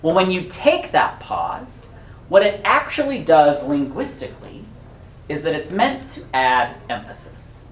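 A woman's voice: sits low, sing-song, a little slow, roomy sound, a little hiss or hum, rough recording. A woman preaching a sermon with a teacherly manner, explaining points step by step to a congregation.

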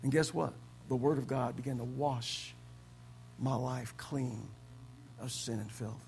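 A man from the States preaching a sermon as pastor, swinging between loud exclamations and low, quiet stretches. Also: steady tone, a little slow, gravelly, soft background music. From United States.

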